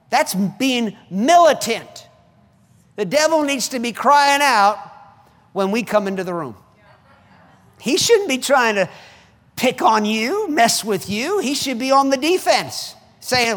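High-voiced man preaching emphatically. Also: slow pace, pauses often, big-room sound. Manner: emphatic, animated, rallying. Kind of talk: sermon.

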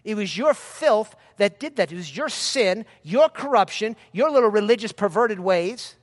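A man preaching a sermon with emphasis, shouting some scripture lines and dropping to quiet, mocking asides. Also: high voice, animated, normal speed, in a large hall.

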